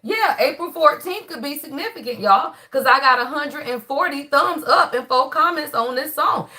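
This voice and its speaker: Woman, 30s, crisp and high; casual, swearing live reader talking to viewers. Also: sing-song, normal speed, few pauses, bright, forceful tone. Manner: loose, profane, talks straight to viewers. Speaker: spiritual reader on a livestream.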